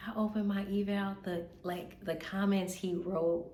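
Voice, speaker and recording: A woman in her twenties, a medical student vlogging in a casual, animated way, tired and still recovering from being sick, with lots of fillers and repeated words. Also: medium pitch, normal speed, few pauses. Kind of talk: casual chat. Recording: echoey room, faint background hiss.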